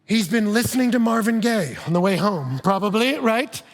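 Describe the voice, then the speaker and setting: A man preaching a sermon as pastor, lively and humorous, acting out couples' voices. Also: high voice, normal speed.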